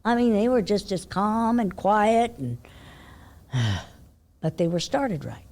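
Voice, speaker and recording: In a casual interview, the guest, an older woman who trains horses, tells animated horse-show stories, often laughing and going quiet to a hush as she quotes herself. Her mid-range voice takes things slowly.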